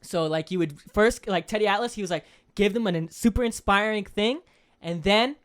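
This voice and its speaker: A young man co-hosting a casual podcast chat, lively and loose, with plenty of swearing. He breaks into loud, theatrical impressions of coaches' speeches and then drops back to his plain talking voice. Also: sits high, a little fast, smooth. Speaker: podcast co-host.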